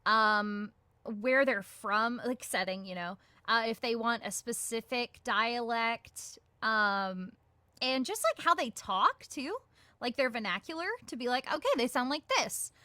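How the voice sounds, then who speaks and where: A woman's voice: a little high, takes it slowly, sharp tone, dry recording. A woman voice actress answering interview questions casually, with many fillers, acting out her own quoted thoughts. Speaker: guest voice actress.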